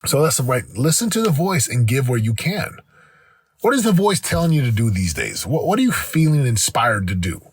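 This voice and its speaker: A man's voice: medium pitch, big pitch swings, moderate pace, slight background noise. A man hosting a motivational podcast, telling a personal story in an earnest, rambling way with many restarts. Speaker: podcast host.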